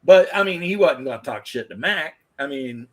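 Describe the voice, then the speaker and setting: A man's voice: a little high, lively intonation, moderate pace. A man in his thirties, a former firefighter, telling rambling, profane stories in casual chat. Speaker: podcast host, former firefighter.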